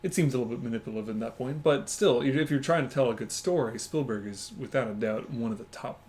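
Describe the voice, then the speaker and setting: A man co-hosting a casual movie-watching chat, with enthusiastic, quick banter. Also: medium pitch, darkish tone. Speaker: co-host.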